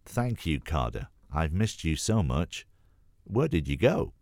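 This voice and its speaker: A man's voice: a bass voice, very animated, a little slow, darkish tone, dry recording, studio quality, heavily acted. A man voicing a huge, motherly female hippo queen in a storybook reading. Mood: tender. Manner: affectionate, fussing.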